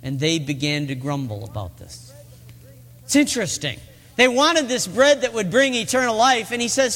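A man's voice: high voice, very animated, moderate pace, fairly bright tone. A middle-aged man preaching a sermon in a church, telling the story earnestly and rising to emphatic peaks. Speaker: pastor. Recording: long reverb of a large hall.

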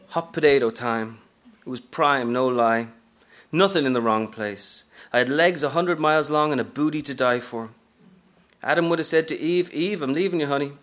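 A man's voice: a little high, normal speed, a bit bright, lightly acted. A man reading aloud from a novel, narrating as a brash, streetwise aging woman hustler in a sassy first-person style. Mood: wisecracking.

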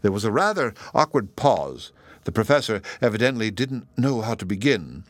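A man narrating a story in a measured audiobook reading. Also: no echo. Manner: measured storytelling with lively pitch.

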